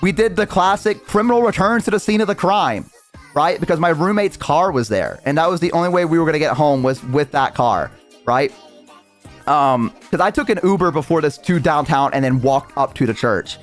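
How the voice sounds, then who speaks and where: A man's voice: fairly high pitch, lively intonation, moderate pace, faint music behind. A young man streamer telling a story casually, rambling and swearing with lots of restarts.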